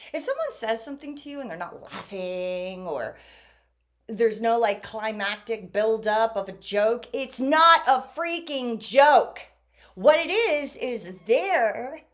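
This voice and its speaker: A woman vlogger talking casually to camera, animated, acting out quoted exchanges as she goes. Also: a little high.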